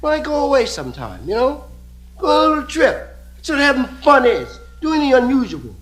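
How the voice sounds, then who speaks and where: A man's voice: very high-pitched, huge pitch swings, fairly quick, fairly bright tone, poor audio. A male stand-up comedian telling a story with playful, mock-serious asides. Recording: hissy 1970 live comedy record.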